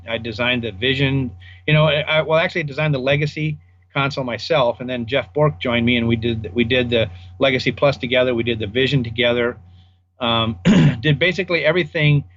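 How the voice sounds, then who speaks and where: A man's voice: medium pitch, steady tone, fairly quick, fairly bright tone, lo-fi sound, a little hiss or hum. An older man, a guest audio designer, casually telling rambling anecdotes in an interview and acting out the people he quotes.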